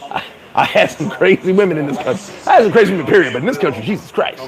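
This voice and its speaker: A man hosting a casual livestream, laughing often, talking in slang and giving shout-outs to viewers. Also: high voice, animated, very fast, low-quality recording. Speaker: livestream host. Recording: crowd chatter behind.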